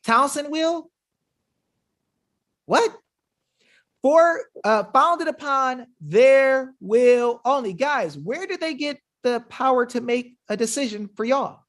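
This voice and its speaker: A man's voice: very high voice, expressive, takes it slowly, a bit bright. A man hosting a webinar in an emphatic, combative, slangy manner, talking casually to his viewers. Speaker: webinar host. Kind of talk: fiery casual livestream talk.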